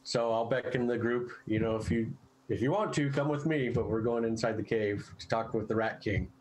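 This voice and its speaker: A man's voice: mid-range voice, darkish tone, slight background noise, poor audio. Polite man playing a tabletop game. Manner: polite, halting, in-character. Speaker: player.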